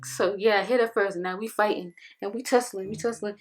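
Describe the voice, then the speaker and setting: Young woman telling a lively, slangy story. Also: fairly high pitch, a little fast, hardly any pauses, very noisy. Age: young adult. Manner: animated, slangy storytelling that acts out what was said. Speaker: vlogger. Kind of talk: casual storytime.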